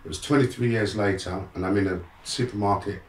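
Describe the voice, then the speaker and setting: A man's voice: fairly low pitch, fairly quick, roomy sound, far from the mic, a little hiss or hum. A middle-aged man, a guest frankly telling his life story in a streetwise way. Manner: frank, streetwise, animated in re-enacted moments. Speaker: guest, motivational speaker. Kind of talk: candid personal storytelling.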